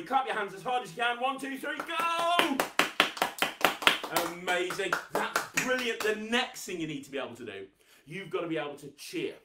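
A bright, forceful man hosts a live magic show for children, coaxing and teasing with lots of energy. He stands back from the mic in an echoey room. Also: high-pitched, recorded from a distance, a little hiss or hum. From England. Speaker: host, magician. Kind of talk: live kids' show hosting.

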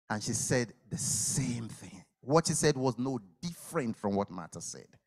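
Animated male preacher telling a story. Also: medium pitch, a little slow, hardly any pauses. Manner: animated storytelling, acts out the people, drops to a whisper at quiet moments. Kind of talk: sermon.

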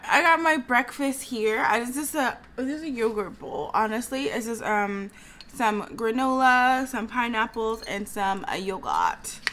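A woman's voice: a little high, fairly bright tone, slight background noise. A young woman vlogging casually, venting in a chatty way, full of "like" and sighs. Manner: venting, chatty, heavy use of "like", frequent sighs. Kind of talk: casual vlog chat.

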